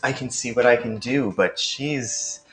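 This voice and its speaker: A man's voice: medium pitch, unhurried, a bit bright, roomy sound, faint music behind, lightly acted. A man voicing a dry, teasing female ship doctor in a tabletop game.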